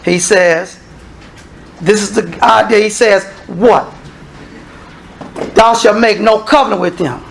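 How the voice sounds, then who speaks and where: A man preaching a sermon, firing questions at the congregation and swinging from low asides to shouted exclamations. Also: fairly even intonation, takes it slowly, creaky, pauses often, slight background noise. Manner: calls and questions aimed at the congregation.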